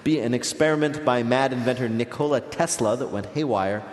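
A man's voice: medium pitch, brisk. A man hosting a live comedy quiz show, playful and teasing, often laughing at his own jokes. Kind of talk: joking radio quiz banter. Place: stage before a live audience. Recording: live audience in a reverberant hall.

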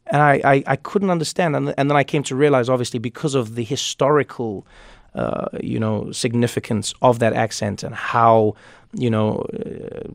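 Male guest, 30s, gravelly, dry close-miked studio sound, animated and quick-witted. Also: medium pitch, dry recording. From South Africa. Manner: animated storyteller, quick asides, repeats words when starting thoughts. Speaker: guest, comedian and author. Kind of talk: radio interview conversation.

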